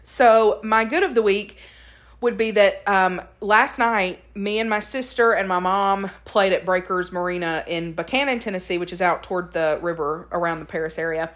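Her mid-range, slightly bright voice moves at a moderate pace as she co-hosts a podcast. Chatting casually, she tells stories and laughs frequently.

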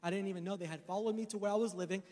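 Pastor, male, 30s, unusually high voice, testimony-style sermon that builds to emphatic preaching, long hall reverb. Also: fairly even intonation, very fast, a little mellow. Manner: storytelling, rising to emphatic preaching.

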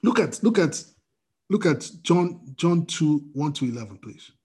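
A man preaching a sermon as pastor, telling a personal story with acted-out dialogue and swings from loud to quiet. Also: on the high side, animated, a little slow, husky. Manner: storytelling with quoted dialogue, wide swings in loudness. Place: church service via video call.

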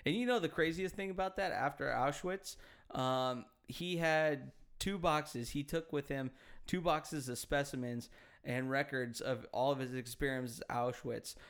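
A man's voice: mid-range voice, unhurried, a bit bright, clean tone. A man co-hosting a casual chat, telling a story in a rambling, hesitant way with plenty of fillers and swearing. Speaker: podcast co-host.

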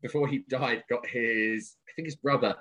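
A man's voice: mid-range voice, steady tone, moderate pace, sharp tone. A man co-hosting a podcast, chatting casually about a reality show and often correcting himself. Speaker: podcast co-host. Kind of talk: casual recap chat.

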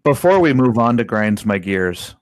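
A man's voice: lowish voice, sing-song, normal speed, no room sound. A man co-hosting a casual podcast, joking around and repeating himself as he stumbles. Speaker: podcast co-host. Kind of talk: casual chat.

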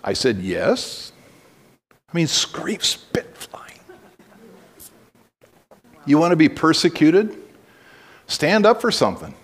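Blunt preaching pastor, higher-pitched man. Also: big pitch swings, slow pace, long pauses, slightly rough. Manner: conversational storytelling with blunt exhortations and frequent restarts. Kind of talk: sermon.

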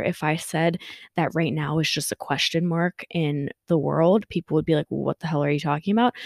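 A woman's voice: fairly low pitch, darkish tone, no echo, studio quality. A young woman hosting a podcast, talking casually and self-deprecatingly with many fillers. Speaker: podcast host. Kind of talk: casual solo chat. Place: bedroom, sitting in bed.

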